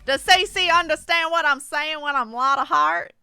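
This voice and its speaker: A woman's voice: high voice, normal speed, vocal fry, pushed and bright, no room sound, soft background music. A woman streaming a party game, chatting casually, swearing and laughing often. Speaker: gaming streamer. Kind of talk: casual gameplay chat.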